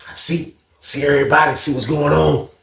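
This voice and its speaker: Male storyteller, gravelly and animated, swearing freely, recorded in an echoey room. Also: on the high side, fairly quick, slight background noise. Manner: animated, profane, acts out other people's voices. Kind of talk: casual storytime monologue.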